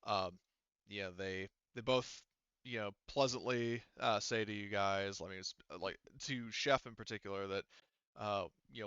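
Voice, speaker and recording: A man running a tabletop game who rambles and restarts often, with a low, smooth voice. The recording is dull and lo-fi, dry and close to the mic. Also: moderate pace, a bit bright, no room sound. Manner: rambling, full of fillers and restarts. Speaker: game master.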